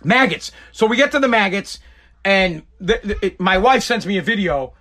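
In a high-pitched, sharp, expressive voice at normal speed, a man in his thirties hosts a podcast. It's a casual rant, heavy on swearing, where he keeps repeating himself.

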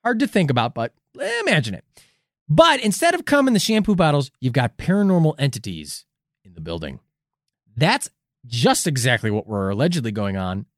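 A man co-hosting a comedic paranormal podcast, jokey and theatrical, swinging his pitch around for effect. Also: dry recording, studio quality. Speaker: podcast co-host.

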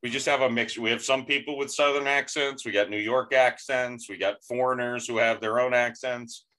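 A man's voice: mid-range voice, fairly even intonation, moderate pace, sharp tone. An American man hosting a podcast interview over a remote call, talking casually with frequent restarts and stammers. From United States. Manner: hesitant, many restarts and stammers. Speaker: podcast host.

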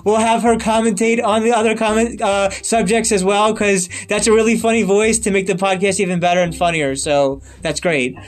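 A man hosting a podcast in casual chat, rambling through topics with many fillers and restarts. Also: high voice. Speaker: podcast host.

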